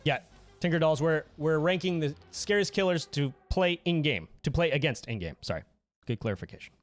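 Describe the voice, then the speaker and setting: A man hosts a casual livestream from a desk mic at home, goofy and quick to laugh as he answers his viewers. His pitch swings widely from line to line. Soft music plays faintly behind him. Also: no echo. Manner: goofy, animated, reads chat aloud and laughs often. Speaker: livestream host.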